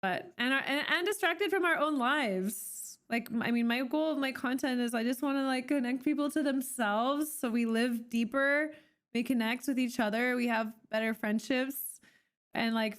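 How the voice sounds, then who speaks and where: A woman's voice: on the high side, normal speed, a bit bright, clean tone. A young woman from Canada chatting casually on a live stream, rambling with many fillers and restarts.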